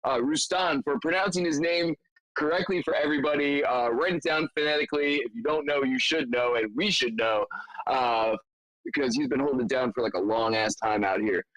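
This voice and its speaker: A man hosts an online meetup in a loose, joking way, full of fillers and laughs. His voice is mid-pitched and sounds dry and close. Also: fairly quick, a bit bright, dry recording, low-quality recording. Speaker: meetup host. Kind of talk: casual livestream chat.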